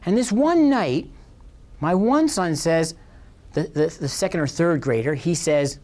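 A man's voice: on the high side, animated, unhurried, a little mellow. A man in his fifties, a professor telling a bawdy, self-mocking comic story to a lecture hall.

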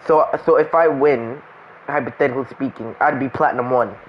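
A man's voice: mid-range voice, a little fast, muffled recording, a little hiss or hum. A young man streaming a game, chatting casually with friends, laughing often and swearing in joking banter. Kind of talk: casual gaming chat with friends.

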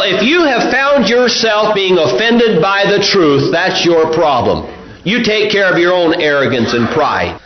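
A male pastor preaching a sermon, mixing folksy stories with forceful preaching. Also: high-pitched, noisy background. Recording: roomy, dull lo-fi recording.

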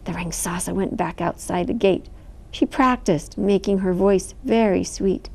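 A woman storyteller reading a picture book aloud, expressive and animated, with sound effects. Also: mid-range voice, unhurried.

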